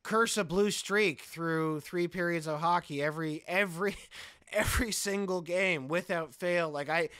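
A man's voice: high voice, a little slow, a bit bright, clean tone, dry recording, clean studio sound. A man, an actor and author, chatting casually as a podcast guest, rambling, swearing and laughing as he talks. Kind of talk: casual chat.

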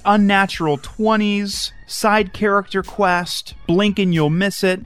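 A man co-hosting a podcast, reading ads in a dry, joking, deadpan way. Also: high voice, slow pace, clear, resonant tone, dry recording, faint music behind. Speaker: podcast co-host. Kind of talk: casual podcast chat with ad reads.

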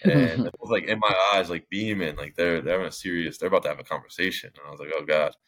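Very deep-voiced rambling young man. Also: fast talker, a bit bright. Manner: rambling, heavy use of "like", long-winded. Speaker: podcast guest. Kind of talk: casual storytelling in an interview.

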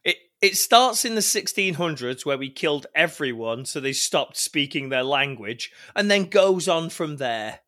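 A man co-hosting a podcast, trading quick wry quips in casual banter. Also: fairly high pitch, lively intonation, bright, forceful tone. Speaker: podcast co-host.

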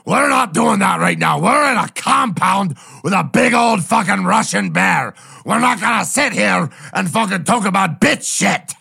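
A man voicing a drunk, crude, loudmouthed male dwarf in an improvised comedy podcast. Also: a little high, sing-song, unhurried, creaky, husky, exaggerated voice. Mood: angry shout. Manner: rowdy, shouting, crude.

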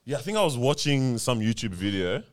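A man's voice: mid-range voice, fairly quick. A man, co-hosting a podcast, telling stories in casual chat and laughing often. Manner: animated storyteller, laughs often, says "bro". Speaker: podcast co-host.

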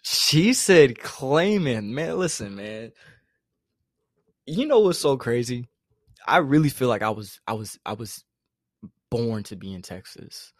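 A man's voice: medium pitch, lively intonation, unhurried, long pauses, no room sound, clean studio sound. A young man from the Carolinas co-hosting a podcast in casual, slangy chat, often laughing. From North Carolina. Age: young adult. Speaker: podcast co-host.

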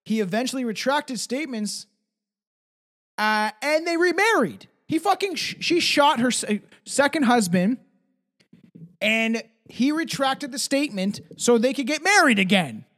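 A man's voice: very high-pitched, lively intonation, measured pace, fairly bright tone. Crude swearing podcast co-host, man. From not from the United States. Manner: crude, swearing, laughing often. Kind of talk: casual true-crime podcast chat.

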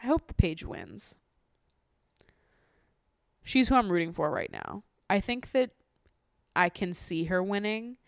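A young woman vlogging a reality-show recap in casual chat, blunt and exasperated, swearing freely and talking in fast bursts. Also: medium pitch, expressive, gravelly, clean tone, no echo, clean studio sound.

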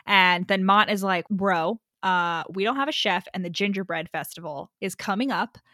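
Woman co-host, casual book chat, bright voice, dry close sound, animated. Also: normal speed, no room sound. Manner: animated, quotes characters in lowered voice. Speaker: podcast co-host.

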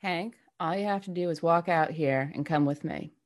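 Woman, low register, playing a no-nonsense lawwoman at the table. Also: normal speed. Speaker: player voicing a marshal character. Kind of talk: in-character tabletop role-play.

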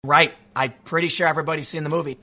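A man giving sarcastic commentary, mocking and animated, laughing often, and losing his voice. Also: on the high side, rapid-fire. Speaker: political commentary host.

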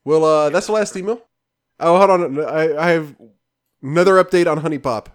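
A man's voice: on the high side, normal speed. A man co-hosting a casual podcast, laid-back, laughing often and teasing his co-host.

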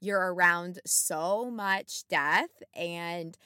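A woman co-hosting a podcast, telling a story in a casual, animated way with lots of fillers, and acting out what people said. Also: on the low side, very slow, clean tone, no echo, studio quality. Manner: animated, many fillers, acts out quotes. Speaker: podcast co-host.

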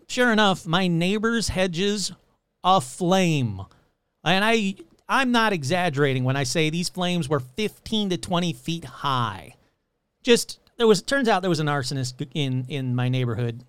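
A man's voice: fairly high pitch, lively intonation, normal speed, fairly bright tone, smooth, no room sound. A man hosting a podcast, reading thanks and chatting in a rambling, self-mocking, playful way. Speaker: podcast host. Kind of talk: casual podcast chat.

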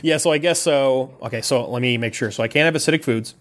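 A co-host in a casual talk show, making sarcastic jokes and quick asides. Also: medium pitch, slight background noise. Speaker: podcast co-host. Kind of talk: casual chat.

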